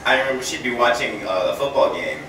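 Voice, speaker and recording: A man's voice: mid-range voice, quick pace. A young man telling a rambling stand-up story, laughing at his own jokes and often saying um, recorded from a distance in a very echoey room. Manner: self-deprecating, laughs at his own jokes, many ums. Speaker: amateur stand-up comedian. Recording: distant mic, very echoey room, faint ambient noise.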